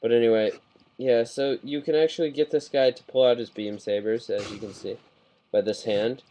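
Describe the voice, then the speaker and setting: Excitable rambling man on a webcam. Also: medium pitch, moderate pace, rough recording. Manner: excitable, rambling, frequent self-corrections. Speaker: model kit reviewer. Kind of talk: casual rambling review. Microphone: webcam mic.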